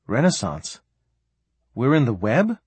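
A woman's voice: low voice, very animated, slightly rough, dry recording, voice pushed up, full character voice. A male narrator voicing a confused young woman who has just woken up. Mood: bewildered. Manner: confused, rapid questions.

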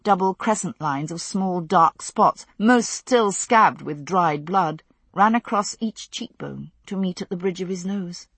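A woman narrates a novel in a measured, steady way. Her voice sits low and sounds husky. The recording is dry and close to the mic. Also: no echo. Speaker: audiobook narrator. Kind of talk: scripted narration.

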